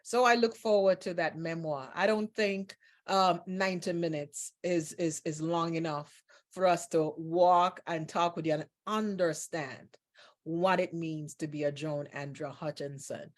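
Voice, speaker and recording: A woman hosts an interview in a somewhat low voice, speaking earnestly and admiringly. She leans on repeated phrases to drive points home. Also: steady tone, a little slow. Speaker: host.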